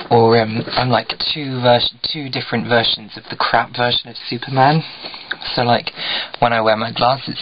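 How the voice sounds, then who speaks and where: A man's voice: mid-range voice, vocal fry. A young man from England vlogging in a casual, rambling, self-deprecating way, full of "like" fillers. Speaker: video blogger. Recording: dull lo-fi webcam audio with faint hiss.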